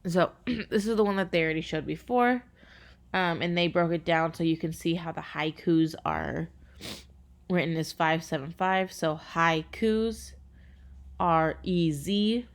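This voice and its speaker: Lower-voiced teacher, casual and halting. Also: female voice. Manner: casual, filler-heavy, slows to count syllables aloud. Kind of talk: recorded online class lesson.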